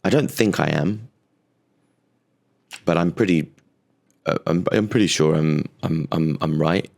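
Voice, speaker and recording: A man's voice: rumbling low, measured pace, vocal fry, a little mellow. A male comedian hosting his own show, delivering an exasperated, sarcastic rant with frequent stammering restarts. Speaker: comedian host. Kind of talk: comic rant monologue.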